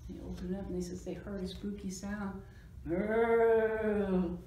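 A woman librarian reading a picture book aloud to children, with animated, chatty asides about the pictures. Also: on the low side, brisk, muffled recording. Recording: roomy echo, distant mic, faint noise.

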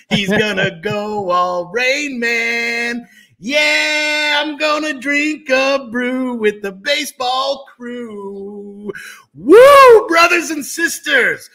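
A man co-hosting a podcast, delivering a boastful, rhyming wrestling-style promo with shouted brags. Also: very high voice. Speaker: podcast co-host.

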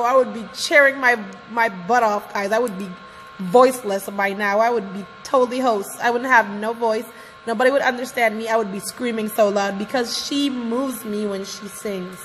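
A woman's voice: high voice, fairly even intonation, moderate pace, fairly bright tone. A woman vlogger gushing in music reaction commentary, effusive and repeatedly calling out to her viewers. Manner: gushing, effusive, keeps addressing viewers as guys. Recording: reverberant room with faint music. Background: faint music from the reacted video.

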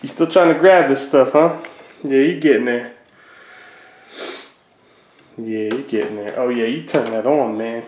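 This young vlogger dad, filming at home, curses and grumbles at his cats in between cooing baby talk. His medium-pitched voice has a darkish tone and an unhurried delivery with frequent pauses, over a faint hiss or hum.

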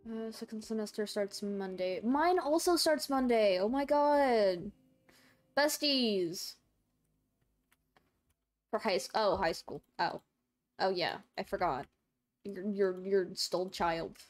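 Taking her time with long pauses, a young woman with a mid-range voice chats through a casual game stream. She's in college, laughs a lot, and reads viewer messages aloud before replying.

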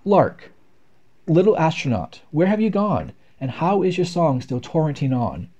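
A man reads nature poems aloud with rhythmic, expressive delivery. His mellow, dark tone rises and falls in lively swings. The pace follows the beat of the verse. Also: on the high side, unhurried, lo-fi sound. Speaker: reader. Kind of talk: poetry read aloud.

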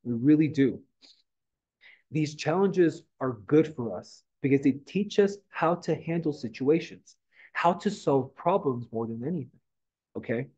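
A middle-aged man gives a loose, conversational motivational talk to his team and keeps checking in with "right?" and "okay?". His voice is mellow and relaxed rather than bright. The recording is a little dull and lo-fi. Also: a little high, unhurried, husky. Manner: casual, rambling, with mild swearing and frequent "right?" and "okay?". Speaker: real estate team leader. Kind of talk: motivational morning meeting talk.

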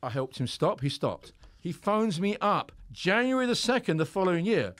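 A man's voice: high-pitched, very animated, moderate pace, fairly bright tone. A middle-aged man who works as a hypnotherapist, telling stories in a podcast conversation in a blunt, straight-talking way with plenty of swearing.

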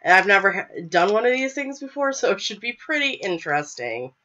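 A woman's voice: mid-range voice, very animated, brisk, sharp tone, muffled recording, a little hiss or hum. Stuffy-voiced woman hosting a show. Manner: chatty, filler-heavy, apologetic. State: stuffy with a cold. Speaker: podcast host. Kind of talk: casual live show chat. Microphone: webcam.

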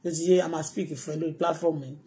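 A Nigerian woman with a Yoruba accent hosting her own live stream, ranting excitably and mixing English with Yoruba. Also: low-pitched, rapid-fire. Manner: excitable, switching between English and Yoruba, bursts of shouting and laughter. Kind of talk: animated live-stream rant.

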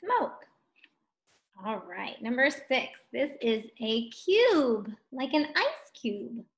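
A woman teaching a phonics lesson to first graders, slow and encouraging, stretching words out for the children. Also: a little high, big pitch swings.

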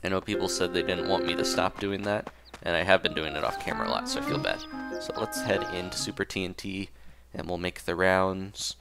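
A man giving relaxed, rambling commentary while playing a cozy video game, often restarting his sentences. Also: deep voice, a little fast, gravelly. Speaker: gameplay commentator. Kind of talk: casual let's-play commentary. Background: game music.

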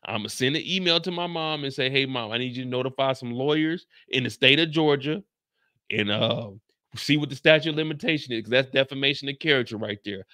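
A man recapping a TV episode in casual storytelling style, animated and profane, loudly acting out quotes. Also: fairly high pitch, dry recording, clean studio sound. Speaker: recap host.

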